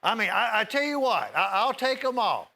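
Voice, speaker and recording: High, bright folksy man selling knives. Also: big pitch swings, normal speed, vocal fry. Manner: folksy, rambling, talks straight to viewers. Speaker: TV shopping host. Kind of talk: live shopping channel sales pitch.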